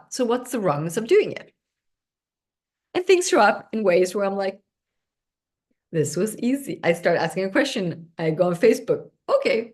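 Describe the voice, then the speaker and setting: A lively woman hosts an online seminar in English over a video call, though Swedish is her first language. Her voice sits a little low, and she talks with bubbly intensity.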